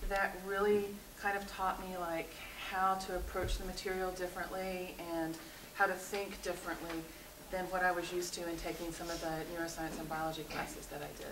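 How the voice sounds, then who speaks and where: A woman from Tennessee, a mock graduate applicant, giving earnest answers with filler pauses. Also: fairly low pitch. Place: seminar room. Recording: roomy, distant, noisy room recording.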